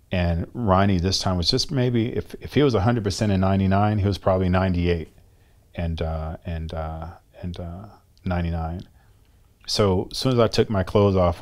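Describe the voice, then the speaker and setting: A middle-aged former bodybuilder, appearing as an interview guest, shares candid stories in a low, slightly mellow voice. He acts out dialogue emphatically and swears bluntly.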